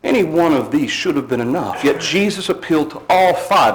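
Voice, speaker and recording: Male preacher, slightly high pitch; emphatic sermon delivery, slows for stress, drops low at phrase ends. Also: expressive, slight background noise, poor audio.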